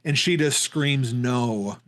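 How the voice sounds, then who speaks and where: A man's voice: mid-range voice, quick pace. A man hosting a film podcast in casual discussion, rambling with many restarts and repeated words. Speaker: podcast host.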